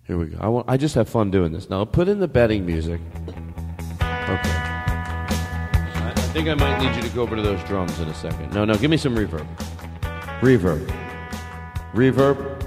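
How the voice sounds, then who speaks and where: A man's voice: on the low side, moderate pace, pauses often. A man hosting a comedy podcast, swearing and laughing through the banter. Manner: profane, laughing, lively. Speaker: podcast host. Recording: reverb in a hall with music under it.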